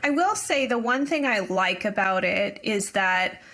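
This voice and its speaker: A woman's voice: mid-range voice, animated, measured pace, pushed and bright. A woman hosting a podcast who repeats tapping phrases back and then chats casually with her guest, using fillers. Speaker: podcast host. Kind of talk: casual interview chat.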